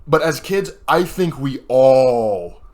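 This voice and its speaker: A man's voice: mid-range voice, lively intonation, slow, a little mellow. Rambling man in casual movie chat. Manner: rambling, heavy use of filler "like". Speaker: co-host of a movie list video.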